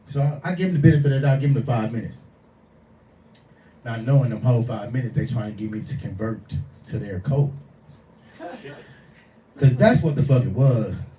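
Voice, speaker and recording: A man's voice: medium pitch, normal speed, long pauses, a little hiss or hum. A man doing stand-up at a live lounge show, ranting through a profane story and acting out every quote. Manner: profane, animated, rants and acts out quotes. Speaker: stand-up comedian. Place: lounge venue with live audience. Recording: roomy venue, distant mic, faint crowd.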